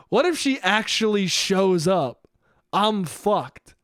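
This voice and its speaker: A young man hosting his own podcast, telling a personal story in an animated casual monologue full of swearing and acted-out thoughts. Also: high voice, unhurried, clean tone, no echo, clean studio sound. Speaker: podcast host.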